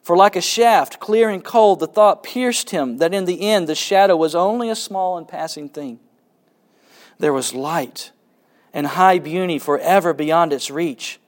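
A man's voice: high voice, a little slow. Man reading aloud with dramatic swings. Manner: dramatic reading, rising with excitement and dropping to a hush. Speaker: literature lecturer. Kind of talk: lecture with expressive reading aloud.

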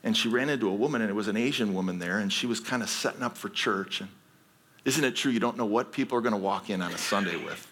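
Pastor, male, sermon delivery: bright, husky tone, earnest storytelling that builds to emphatic appeals. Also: fairly low pitch, fast.

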